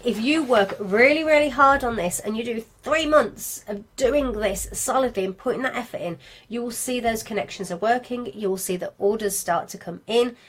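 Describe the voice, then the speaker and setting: A woman's voice: fairly high pitch, moderate pace, fairly bright tone. A woman with a Brummie accent teaches marketing to craft sellers in a live video class, chatty, self-deprecating and talking straight to her viewers. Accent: Birmingham English (Brummie). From England. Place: home studio with lights, indoors.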